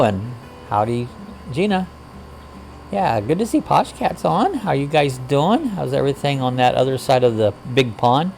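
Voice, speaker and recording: Rambling and folksy, this livestream host reads out viewer comments and says hello to people, peppering his talk with "uh." He has a gravelly, darkish voice on the high side, and slight background noise is audible.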